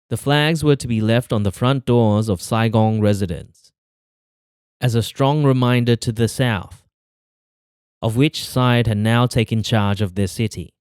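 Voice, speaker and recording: A man reading a novel aloud as an audiobook narrator in measured, even storytelling. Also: medium pitch, clear, resonant tone, no echo, clean studio sound. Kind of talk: scripted narration.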